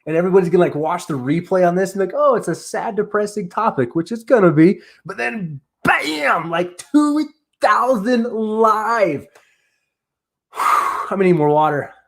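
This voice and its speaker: A man hosting a casual live stream, talking in an excitable, rambling way full of "like". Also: high-pitched, moderate pace, gravelly. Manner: excitable, rambling, heavy use of "like". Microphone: streaming setup on camera.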